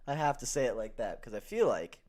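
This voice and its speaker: A man's voice: medium pitch, very animated, a little mellow. A man hosting a sports betting show, chatting casually and joking, then running through stat lines. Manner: upbeat, jokey, reads stat lines quickly.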